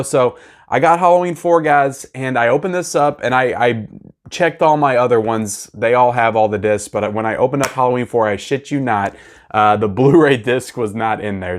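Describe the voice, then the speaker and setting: A man, chatting casually to viewers as he unboxes and reviews movies. He is excitable and repeats himself often. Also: mid-range voice.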